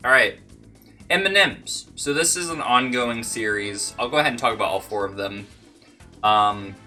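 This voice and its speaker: Casting note: young male vlog host with a low, bright voice, rambling and self-deprecating. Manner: rambling and self-deprecating, talks while snacking. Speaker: channel host. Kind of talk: casual rambling vlog chat.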